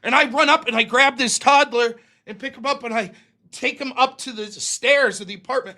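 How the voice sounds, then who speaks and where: High, bright-voiced man telling stories. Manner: profane, rambling anecdotes with quoted voices. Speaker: host. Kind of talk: casual storytelling on a live stream.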